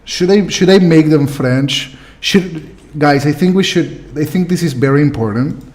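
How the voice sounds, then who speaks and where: A man's voice: a little high, a little slow, a little mellow. A playful man from South America streaming a game, reading its text aloud and laughing often. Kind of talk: casual game stream commentary.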